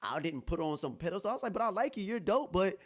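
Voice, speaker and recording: A man hosting a podcast, telling a personal story in casual chat, animated and laughing as he acts out what others said. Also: sits high, very fast. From Texas. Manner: animated, laughing, quotes others in lively voices. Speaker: podcast host.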